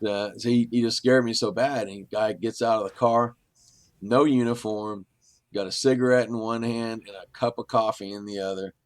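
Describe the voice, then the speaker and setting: A man's voice: fairly low pitch, steady tone, normal speed, no echo. A middle-aged man, a podcast guest, telling long rambling stories in a casual, anecdotal way. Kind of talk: casual storytelling.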